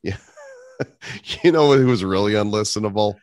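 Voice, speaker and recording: A man's voice: on the low side, lively intonation, moderate pace, darkish tone, no room sound. A man co-hosting a podcast, chatting casually with wry jokes and reading aloud with asides. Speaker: podcast co-host. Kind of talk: casual chat.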